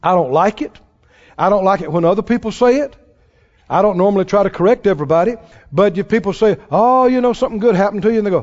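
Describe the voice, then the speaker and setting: Male preacher, folksy and emphatic, high lively voice, dull recording in a reverberant hall. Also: brisk. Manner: emphatic, folksy, acts out quoted people. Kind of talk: sermon.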